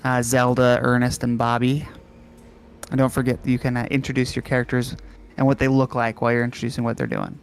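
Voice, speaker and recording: A man narrating a tabletop horror game as game master, in a measured storytelling way with occasional fillers. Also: medium pitch, expressive, creaky, clear, resonant tone.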